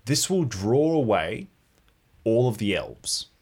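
Lively laughing male game master. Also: on the low side, slow, slightly rough. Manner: laughing, animated, jumps into many character voices. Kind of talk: narrating a tabletop game.

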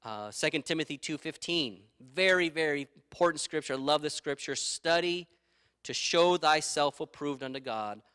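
Bright-voiced emphatic male pastor. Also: on the high side, lively intonation, normal speed, clear, resonant tone. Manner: emphatic, repeats key phrases, tells anecdotes. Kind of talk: sermon.

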